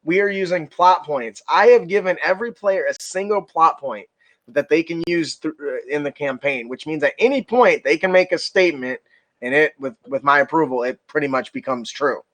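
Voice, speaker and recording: A young man with a high voice runs a tabletop game, narrating scenes and asking for rolls. He talks loosely and laughs often. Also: moderate pace, a bit bright. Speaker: dungeon master.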